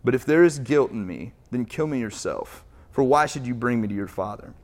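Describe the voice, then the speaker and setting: A man's voice: medium pitch, expressive, fairly quick. A man preaching as pastor, reading scripture aloud and retelling it in casual everyday speech.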